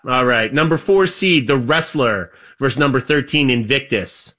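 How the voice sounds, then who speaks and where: A man's voice: mid-range voice, animated, normal speed, bright, forceful tone. A man hosting a casual sports-movie podcast segment, calling on each panelist in turn. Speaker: podcast host. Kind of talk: casual chat.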